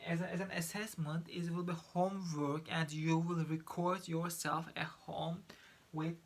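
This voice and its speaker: A man's voice: on the high side, level tone, unhurried. A man teaching English pronunciation, repeating each example word several times and often restarting his sentences. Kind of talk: pronunciation lesson.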